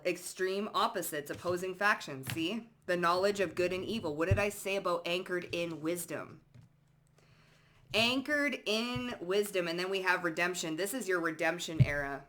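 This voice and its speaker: A woman giving a psychic card reading to the viewer, animated and laughing often, calling listeners honey and swearing freely. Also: on the low side. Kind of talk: tarot reading to camera.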